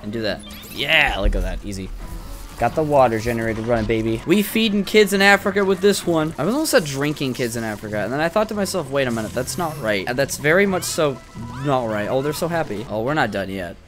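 A young adult man giving excitable, profane, joking let's play commentary as a gaming YouTuber. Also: mid-range voice, fast talker, soft background music.

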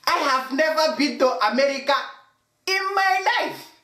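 A man's voice: very high voice, expressive, normal speed, sharp tone, roomy sound, poor audio. A man doing a rambling, melodramatic comedic vlog monologue in broken English. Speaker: comedy vlogger.

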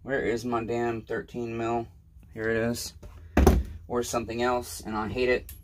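A man's voice: medium pitch, completely flat delivery, measured pace. Tired, swearing man in a noisy workshop. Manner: frustrated, muttering, swears often. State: tired and overwhelmed. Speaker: small-engine repairman. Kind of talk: casual workshop vlog.

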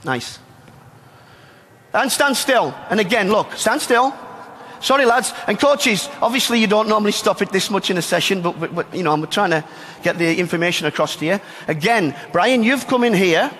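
Male coach running a drill, high voice, echoing space. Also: expressive, normal speed, a bit bright. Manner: directive, addresses players and coaches by turns. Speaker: soccer coach. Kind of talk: live coaching demonstration.

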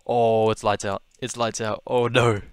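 A young man with an Australian accent giving excitable let's-play commentary, gasping and repeating his exclamations. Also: fairly low pitch, unhurried, smooth, no echo. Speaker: gaming video host.

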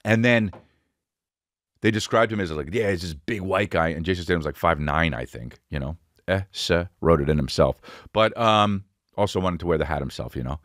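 A man's voice: sits low, lively intonation, normal speed, a bit bright, no echo, clean studio sound. A man in his forties, a comedian hosting his podcast in a casual, rambling, profane and self-mocking monologue. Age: 40s. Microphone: studio podcast mic.

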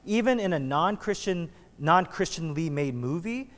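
A man's voice: fairly high pitch, expressive, moderate pace. A man preaching a sermon as pastor, in a casual, joking, conversational way that keeps restarting his sentences. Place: church sanctuary. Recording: long reverb of a church hall.

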